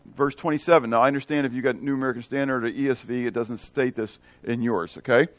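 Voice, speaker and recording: Talking fast in a mid-range voice, a pastor preaches an expository sermon verse by verse, and the recording has no room sound. He animatedly asks the congregation questions and voices the dialogue in different characters.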